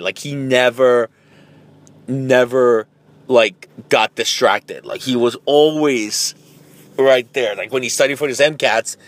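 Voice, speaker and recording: A man's voice: mid-range voice, slow, rough recording. A man, a marathon runner, tells a story in a casual, rambling way, with many fillers and some swearing.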